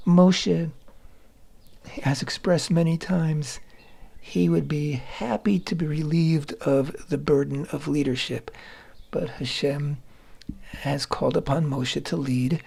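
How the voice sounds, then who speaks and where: This is a man co-hosting a radio talk show, working through a scripture passage in a relaxed, explanatory way. His voice has a rough, gravelly texture with a husky, slightly breathy edge. He pauses often to gloss Hebrew terms and restarts phrases mid-thought. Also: fairly high pitch. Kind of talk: Torah commentary talk.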